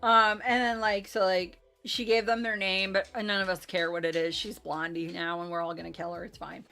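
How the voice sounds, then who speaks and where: A woman's voice: mid-range voice, level tone, normal speed, creaky, bright, forceful tone. A woman in casual chat, recapping a tabletop game session in a rambling, self-deprecating way with lots of fillers.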